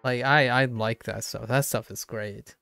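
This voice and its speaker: A man's voice: medium pitch, steady tone, a little slow, vocal fry, pushed and bright, no echo, soft background music. A young man with a slight Southern American accent, chatting casually in a playful, rambling way and laughing often. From Southern United States. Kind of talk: casual chat.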